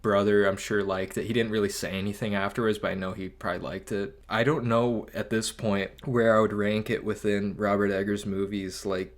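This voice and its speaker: Rambling, cursing young man, lowish voice. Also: level tone, brisk, few pauses. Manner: rambling, swears often, laughs a lot. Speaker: podcast co-host. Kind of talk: casual chat.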